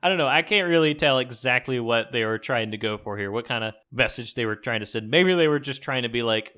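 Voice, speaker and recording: A man's voice: medium pitch, fairly quick, hardly any pauses, pushed and bright, smooth. A man casually recapping an old TV episode, rambling with lots of filler words and frequent laughs. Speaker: podcast host recapping an episode. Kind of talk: casual chat.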